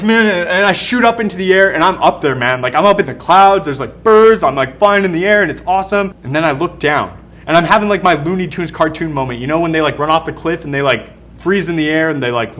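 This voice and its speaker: A young man preaching a youth sermon, telling stories in an animated, casual, slangy way. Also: a little high. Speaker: youth pastor. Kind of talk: youth sermon with personal storytelling.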